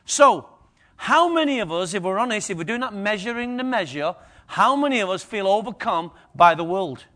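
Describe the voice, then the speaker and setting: Lively high-voiced preacher. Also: male voice, a little fast, hardly any pauses. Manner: lively, dramatic, acts out the story characters. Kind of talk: sermon.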